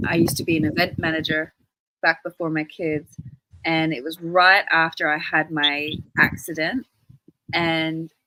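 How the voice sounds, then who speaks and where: A woman's voice: lowish voice, pushed and bright, no room sound, rough recording. A woman from Australia hosting a casual live stream, chatty and full of rambling anecdotes. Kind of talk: casual chat.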